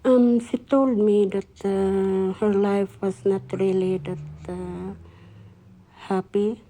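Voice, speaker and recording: Slow, flat, dark-toned woman. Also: medium pitch, low-quality recording. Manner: slow, hesitant, with many fillers. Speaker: interviewee. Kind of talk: documentary interview.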